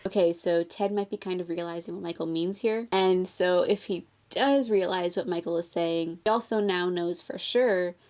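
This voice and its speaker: A woman's voice: on the low side, fairly even intonation, normal speed, hardly any pauses, a little mellow. A woman casually talking through a TV episode, chatty and gushing, rambling with fillers. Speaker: TV episode reviewer. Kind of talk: casual commentary.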